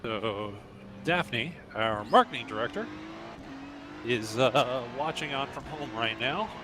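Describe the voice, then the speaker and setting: A man's voice: medium pitch, lively intonation, takes it slowly, noisy background. A man coaching as he drives on a live stream in a sim racing club, calling out short, clipped driving instructions in a running commentary.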